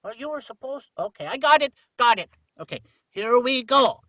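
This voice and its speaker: Lively, bright-voiced playful male host. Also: very high voice, no room sound, dull audio. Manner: playful, rambling, quick to joke. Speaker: podcast host. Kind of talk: improvised comedic chat.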